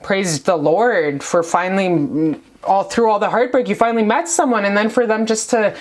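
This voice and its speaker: A woman's voice: mid-range voice, normal speed. Gushing woman giving a tarot reading. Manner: gushing, rambling and affectionate, calling the viewer baby. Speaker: tarot reader. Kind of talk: casual tarot reading to camera. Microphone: camera mic.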